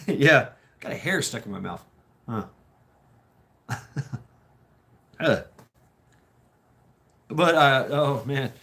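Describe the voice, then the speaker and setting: A man telling a casual story about a fellow service member, swearing freely, laughing and acting out quotes in high voices. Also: animated, very slow, pauses often, fairly bright tone. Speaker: podcast host.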